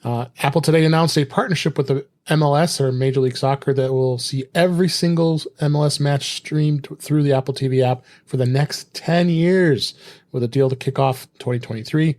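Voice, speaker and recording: A man hosting a casual tech podcast with an easy, filler-heavy delivery. His voice sits a little high. He reads out news items between chatty asides. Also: fairly quick, darkish tone. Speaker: podcast host.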